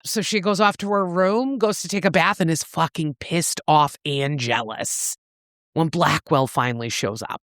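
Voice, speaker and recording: A woman's voice: low-pitched, normal speed, dry recording, clean studio sound. A woman co-hosting a book podcast, recapping a novel in casual chat, swearing freely as she goes. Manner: animated, swears freely, acts out characters' lines.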